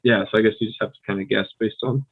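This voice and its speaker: A man's voice: fairly low pitch, steady tone, rapid-fire, breathy edge. Man on a tinny phone-like line. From United States. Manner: thinks aloud, laughs easily. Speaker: podcast co-host. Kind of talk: casual bilingual chat.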